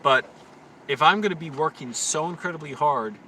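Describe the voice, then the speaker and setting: A young man live-streaming outdoors in a park on his phone, rambling to his chat and often ranting loudly. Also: a little high, slight background noise. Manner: rambling, quick to rant and get loud.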